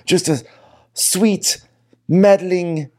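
A man's voice: high-pitched, steady tone, drawn-out words, mellow, voice pushed up. A man doing a sweet, meddling rich lady. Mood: sweetly meddling. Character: wealthy woman restaurant owner, sweet and meddling.

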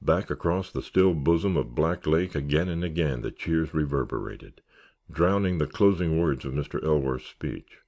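A man narrating a story in an audiobook with steady storytelling. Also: extremely low pitch, normal speed. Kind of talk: scripted narration.

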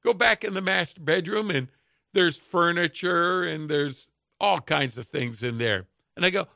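A man's voice: high-pitched, expressive, moderate pace, gravelly, pushed and bright, no room sound, studio quality. A man hosting a radio show, telling folksy anecdotes in casual chat and chuckling often.

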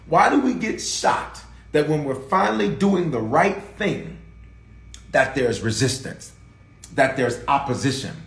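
A man's voice: a little high, vocal fry, a bit bright, echoey room. A man preaching a livestreamed sermon, fervent and rousing, calling out to viewers for responses. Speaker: pastor.

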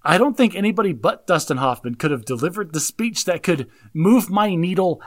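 A man co-hosting a casual movie discussion, excitedly retelling scenes and acting out the lines. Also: high-pitched, a little fast, dry recording, clean studio sound. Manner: animated, laughing, acts out quotes. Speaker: podcast co-host.

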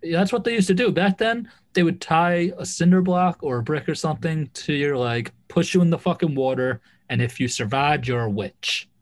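A man co-hosting a casual podcast, chatting in an easygoing, halting way full of "like". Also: fairly high pitch. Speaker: podcast co-host. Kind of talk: casual chat.

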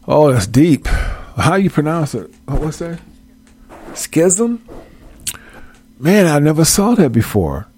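A man leading a casual online Bible study, reading verses aloud and talking to his viewers in a folksy, animated way. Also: a little high, slow pace, pauses often, slight background noise. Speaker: Bible teacher.

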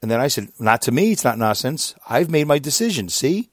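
A man in his fifties, a podcaster, telling a long casual story about an online argument, exasperated and animated, his voice often jumping up high. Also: fairly quick, no echo, clean studio sound. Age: 50s. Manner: animated, exasperated, with sudden jumps up in pitch; reads out messages.

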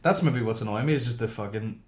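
A man's voice: mid-range voice, fast, a little mellow, echoey room. A man, hosting a podcast, trading crude jokes and laughing banter in casual chat. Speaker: podcast host.

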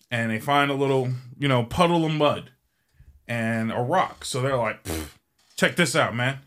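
Bright-voiced, rambling, profane male host. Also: medium pitch. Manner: rambling and profane, with frequent fillers. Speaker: show host. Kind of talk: casual joke-telling.

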